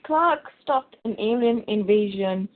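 A woman co-hosting a casual chat, recapping a comic in a lively, jokey way, heard over a tinny, phone-like recording. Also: mid-range voice, unhurried. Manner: lively, laughs often, jokey. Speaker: podcast co-host.

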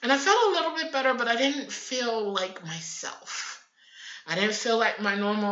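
A woman in middle age talks openly about her week in a bright, animated voice. She tells her story in a confessional way from her home computer. The sound is muffled and lo-fi, with a roomy echo. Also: fairly high pitch, normal speed. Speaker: host of a faith broadcast. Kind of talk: candid personal sharing. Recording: echoey room, muffled lo-fi audio.

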